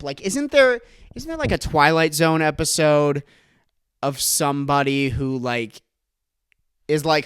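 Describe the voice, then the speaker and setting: A young man telling a comic story as a podcast host, ranting with bursts of laughter and shouting. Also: a little high, clean tone. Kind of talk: comedic storytelling rant.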